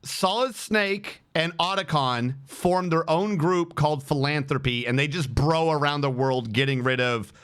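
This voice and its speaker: A man's voice: fairly high pitch, measured pace, few pauses, fairly bright tone, clear, resonant tone. Man chiming in with corrections. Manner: corrects and clarifies plot details. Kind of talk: casual stream chat.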